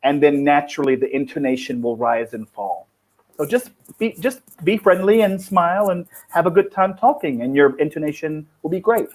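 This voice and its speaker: A man's voice: a little high, expressive, a little mellow. Upbeat male English teacher, laughing often. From foreign, living in Cambodia. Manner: upbeat, laughs often, explains slowly and patiently. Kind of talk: casual live-stream chat.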